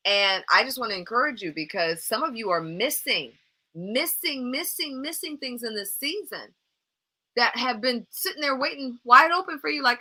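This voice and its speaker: Animated woman coaching live, bright voice. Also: a little high, moderate pace. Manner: emphatic, repeats phrases for emphasis, speaks straight to viewers; encouraging and animated. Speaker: life coach hosting a live show. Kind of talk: live motivational coaching broadcast.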